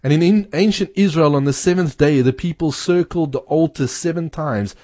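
With a fairly high, mellow voice at normal speed, he teaches scripture as co-host of a radio-style talk show. He explains earnestly, quotes passages and leans on repeated key words, all in clean, echo-free studio audio.

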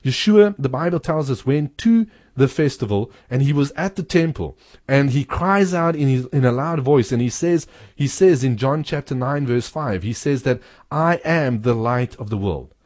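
A man's voice: mid-range voice, lively intonation, normal speed, darkish tone, no echo, clean studio sound. A man co-hosting a talk show, earnestly explaining scripture and quoting passages. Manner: earnest explaining, repeats key words, quotes scripture. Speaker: Bible teacher co-host. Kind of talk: teaching on scripture in a radio-style talk show.

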